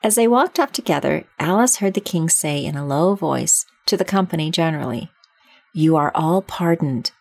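Brief: woman narrator, measured storybook reading, dry sound. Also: deep voice, expressive, gravelly, no room sound.

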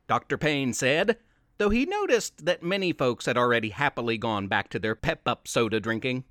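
A man reading a playful storybook tale aloud as host, with an expressive storytelling manner. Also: mid-range voice, moderate pace, no room sound, clean studio sound. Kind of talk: storybook narration.

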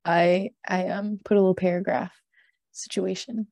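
A woman's voice: lowish voice, level tone, moderate pace, creaky, darkish tone, dry recording. A young woman hosting a casual livestream, chatting and reading scary stories aloud with frequent giggles. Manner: giggly, chatty, reads with laughs. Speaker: stream host.

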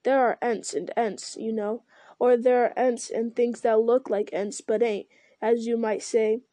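An ancient, unhurried male tree giant from a storybook, pondering every word and humming to himself, read by a woman. The voice sits fairly high and mellow in a dry, close sound. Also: fairly even intonation, no room sound, close to an everyday voice. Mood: musing. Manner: slow, deliberate, musing with hums. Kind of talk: reading a fantasy novel aloud.

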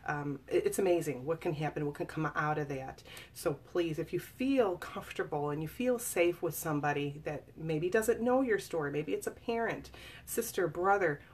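Speaking at a normal speed in a deep, slightly rough voice, this author in her forties discusses and reads from her memoir. She tells her personal story earnestly and confidingly, in a casual live style with fillers and restarts.

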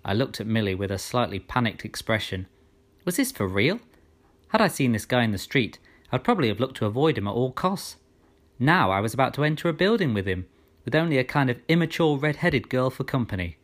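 Man, storybook narration, first person, steady, mid pitch. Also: a little fast.

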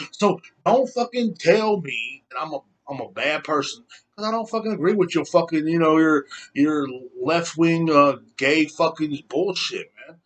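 A podcast host in his thirties goes on a heated, rambling rant, swearing frequently in this casual talk. His voice is a little high and somewhat bright, with a breathy edge.

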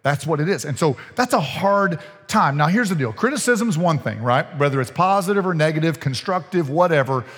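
Folksy pastor preaching in a reverberant hall. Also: male voice, a little high, lively intonation, a little fast, hardly any pauses, fairly bright tone. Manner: conversational, folksy preaching with laughs and restarts. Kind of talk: sermon. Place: church sanctuary.

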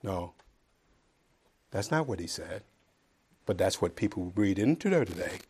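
A man preaching a sermon, reading scripture slowly and swinging between loud emphatic peaks and quiet asides. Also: deep voice, very animated, breathy edge. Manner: reads scripture aloud slowly and deliberately.

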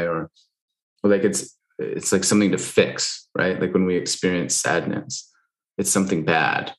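A man's voice: deep voice, animated, normal speed. A man talking candidly in casual conversation, loose and frank, with lots of fillers and the odd swear.

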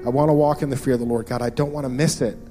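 A man's voice: mid-range voice, steady tone, racing, mellow, faint music behind. A man in his thirties preaching a sermon as pastor, earnest and repeating key phrases for emphasis.

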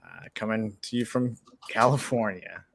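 A man who is a contestant, chatting casually in a relaxed, joking way over a video call. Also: fairly low pitch, normal speed, a little hiss or hum. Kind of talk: casual chat.

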